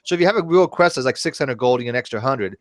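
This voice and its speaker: Fast, animated man hosting a hangout. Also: medium pitch, no echo, studio quality. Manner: animated, blunt and profane. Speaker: host of an online hangout. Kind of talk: casual chat.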